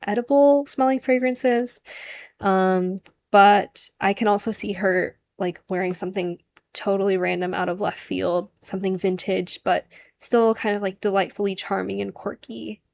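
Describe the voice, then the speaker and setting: A woman's voice: mid-range voice, fairly even intonation, normal speed, vocal fry, a little mellow, dry recording. A woman talking casually to the camera as a perfume vlogger, chatty and full of "like" and "um" fillers. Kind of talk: casual vlog monologue.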